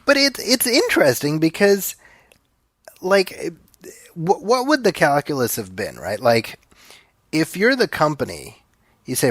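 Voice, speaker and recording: A man's voice: a little high, big pitch swings, unhurried, long pauses, a bit bright, no echo. A man co-hosting a podcast film commentary in a casual, joking way, often stumbling over repeated words as he thinks aloud. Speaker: podcast co-host.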